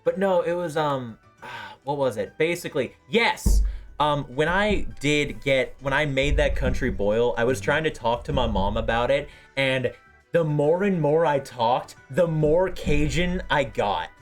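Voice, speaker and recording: A young man co-hosting a gaming video, chatting excitably with bursts of laughter. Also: mid-range voice, a little slow, soft background music. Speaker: co-host. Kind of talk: casual chat over gameplay.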